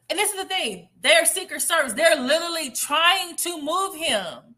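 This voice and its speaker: A woman's voice: high voice, expressive, brisk, few pauses, pushed and bright. A woman giving a casual, chatty commentary monologue, telling a story animatedly and acting out quotes.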